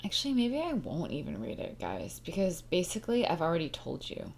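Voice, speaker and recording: A woman's voice: on the low side, huge pitch swings, brisk, creaky, darkish tone, a little hiss or hum. A young woman hosting a casual solo podcast, tired and rambling in a frank, scattered way. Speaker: podcast host.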